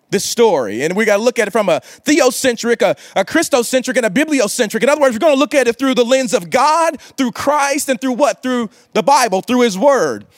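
A man's voice: high-pitched, no echo. A man preaching a livestreamed sermon to online viewers, casual and slangy, asking them to respond. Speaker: pastor.

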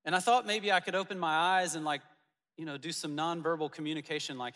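A male pastor tells personal stories in a sermon, earnest and warm-hearted with gentle, soft asides, speaking quickly in a steady tone. His voice is bright and slightly higher than most men's. Long reverb from a large church auditorium lingers on each word over soft music.

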